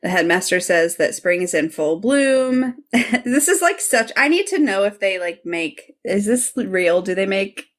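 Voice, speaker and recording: A woman's voice: medium pitch, expressive, unhurried. A woman co-hosting a podcast, gushing as she recaps an episode in casual chat. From United States. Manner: enthusiastic, gushing storyteller. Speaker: podcast co-host.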